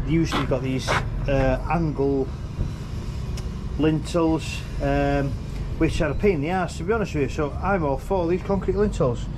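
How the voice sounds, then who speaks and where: Man, bricklayer, casual site vlog, fairly high voice, heavy outdoor noise. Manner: blunt, swears often, loose rambling talk. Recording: noisy outdoor site audio.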